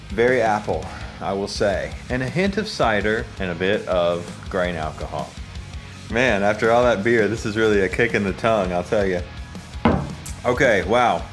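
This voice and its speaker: A man giving casual, joking taste-test commentary as a host, rambling and halting with fillers. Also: lowish voice, a bit bright. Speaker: musician reviewing drinks.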